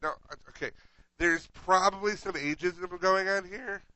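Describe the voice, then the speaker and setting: A man with a bright, fairly high voice stumbles and restarts his way through casual comedic chat. The sound is dry and close, with no room around it. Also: no room sound, rough recording. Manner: halting, stumbling delivery. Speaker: podcast co-host.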